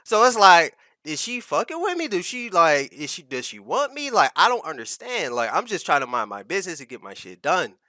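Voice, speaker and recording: A man's voice: a little high, sing-song, fairly quick, hardly any pauses, pushed and bright, no room sound, studio quality. A young man telling a rambling, profane story on a casual podcast, full of restarts and fillers. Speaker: podcast co-host.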